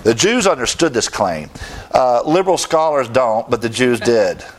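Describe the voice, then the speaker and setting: A middle-aged male preacher delivering a sermon, emphatic and rising in pitch when he presses a point. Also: very animated, normal speed, slight background noise.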